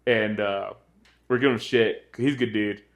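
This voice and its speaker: A man's voice: lowish voice, fairly even intonation, moderate pace. A young man co-hosting a podcast, telling a story in casual chat and acting out his friends' voices. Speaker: podcast co-host.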